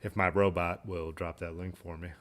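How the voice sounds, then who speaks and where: A man's voice: low voice, little pitch movement, normal speed, fairly bright tone. A man, hosting a casual livestream, reading viewer comments aloud and chatting in a laid-back, rambling way. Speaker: livestream host.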